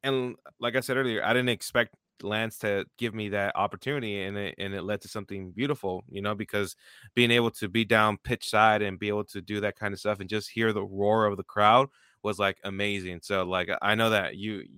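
A young man in his twenties hosting a podcast chat, his low voice bright and clear. He talks loosely, filling with like and you know. The recording is dry. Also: a little fast, dry recording. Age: 20s. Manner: relaxed, many likes and you knows. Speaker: podcast host, stadium announcer. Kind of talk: casual interview chat.

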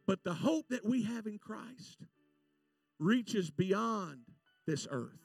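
A man, preaching a fervent sermon and telling folksy stories, stretching out scripture verses slowly. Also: high voice, lively intonation, gravelly, dry recording, soft background music. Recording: voice from a distance from the mic, dry sound.

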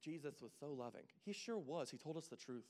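A man in his thirties preaching a casual, joking sermon that rises into loud, emphatic calls to the congregation. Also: a little high, animated, a little fast. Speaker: pastor.

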